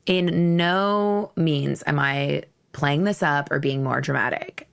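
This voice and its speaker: A young woman hosts her own podcast with a low voice that often drops into a gravelly fry. She tells a personal story bluntly and theatrically, with plenty of laughter. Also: slow. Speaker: podcast host. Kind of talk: candid storytelling monologue.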